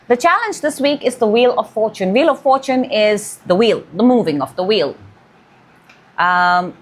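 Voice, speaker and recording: A woman's voice: on the high side, big pitch swings, measured pace, husky. A woman giving a weekly tarot reading, musing and intuitive, drawing out key words. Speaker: tarot reader.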